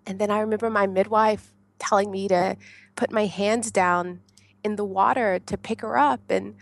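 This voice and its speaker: Here a woman from the States, appearing as a podcast guest, tells her tale animatedly and informally. Laughter comes often, as do reenactments of her past shouting. Her mid-range voice shows vocal fry, and she talks at a normal speed.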